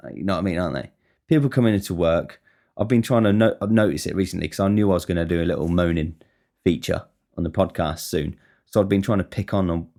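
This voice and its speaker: A man's voice: low-pitched, dark tone. A man talking casually on his podcast in a rambling monologue, swearing constantly and wryly. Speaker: podcast host.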